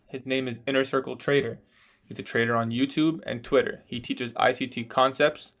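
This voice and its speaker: This young livestreaming day trader chats casually, reading out viewers' questions and replying with a relaxed "bro" style. His voice is mid-range, steady and a bit bright, at normal speed, and he laughs at strange questions.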